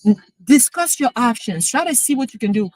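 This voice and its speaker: A woman, a real estate coach chatting emotionally on a live stream, excited as she talks. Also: a little high, brisk, no room sound, poor audio. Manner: excited, emotional, switching into French.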